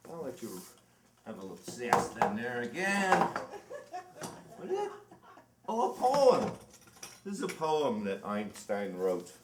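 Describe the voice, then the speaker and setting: A man's voice: medium pitch, huge pitch swings, unhurried, long pauses. A man on a live stage telling rambling, chuckling anecdotes with plenty of fillers. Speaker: stage performer telling stories. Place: live stage in a reverberant hall. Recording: echoey live hall, distant mic, faint noise.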